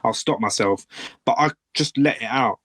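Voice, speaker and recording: An earnest man co-hosting a casual podcast, speaking openly about his feelings. His voice sits at an ordinary pitch and the recording is dry and close, with no room sound. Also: moderate pace, fairly bright tone, slightly rough, dry recording. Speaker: podcast co-host. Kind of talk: casual chat. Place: home room.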